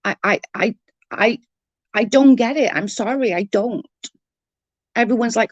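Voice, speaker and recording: A woman's voice: fairly high pitch, a little slow, dry recording, highs cut off. Exasperated woman ranting on a livestream. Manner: exasperated, ranting, swears freely. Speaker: live streamer reading chat comments. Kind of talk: casual livestream rant.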